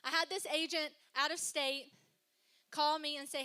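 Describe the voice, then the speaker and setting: A woman's voice: high voice, fairly even intonation, normal speed, bright, forceful tone. A young woman pastor, preaching a sermon in a chatty, personal storytelling way. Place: church stage before a congregation.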